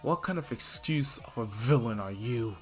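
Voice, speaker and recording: A man's voice: mid-range voice, expressive, moderate pace, pushed and bright, soft background music. A man voicing a brash young male hero, blunt and dismissive. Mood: scornful.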